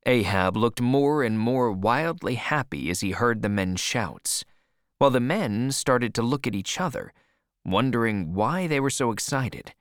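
A man reading a storybook chapter aloud in slow, clear and expressive scripted narration. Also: mid-range voice, no room sound, clean studio sound.

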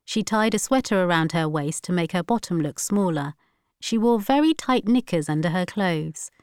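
A woman narrating a novel chapter in a measured, even reading. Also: on the low side, clean tone, no room sound, clean studio sound. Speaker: audiobook narrator. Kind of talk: scripted narration.

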